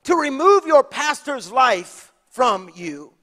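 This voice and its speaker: A man preaching a sermon, moving from hushed asides to shouted, passionate lines. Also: very high voice, very animated, takes it slowly. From Texas. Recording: long hall reverb.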